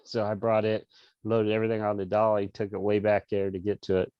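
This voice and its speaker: A man's voice: fairly low pitch, completely flat delivery, brisk, clean tone, no echo, dull audio. A middle-aged man, an interview guest, telling a casual story over a video call with lots of restarts and fillers. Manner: rambling, many restarts and fillers.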